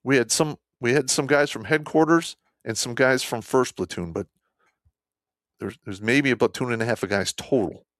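A man's voice: moderate pace, no room sound. Blunt, profane man with a dry close sound. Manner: animated, swings between loud outbursts and low asides. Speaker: army veteran telling a war story. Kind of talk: casual storytelling.

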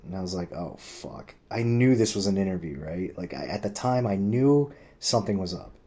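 A man's voice: expressive, a little fast, warm tone. A man telling a rambling personal story in casual chat, swearing often and acting out what others said. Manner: rambling, swears a lot, heavy use of "like"; acts out quoted people with pitch jumps.

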